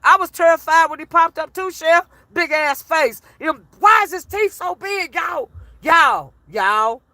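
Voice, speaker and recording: A woman giving animated, laughter-filled reaction commentary to her livestream chat, teasing and petty. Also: extremely high pitch, a little slow, no echo.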